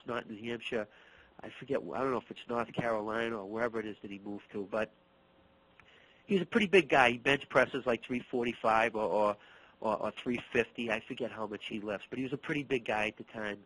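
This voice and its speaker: Poor audio captures a medium-pitched male voice talking a little fast. He's a middle-aged martial arts instructor from around Boston, telling stories in an interview with lively acted-out dialogue and repeated words.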